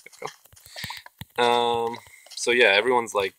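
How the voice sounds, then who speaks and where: A man's voice: medium pitch, flat delivery, measured pace, long pauses, pushed and bright, a little hiss or hum, poor audio. A man hosting his own gaming channel, giving casual, chatty commentary as he plays and talking to the creatures in the game. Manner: chatty, talks to himself and the game mobs.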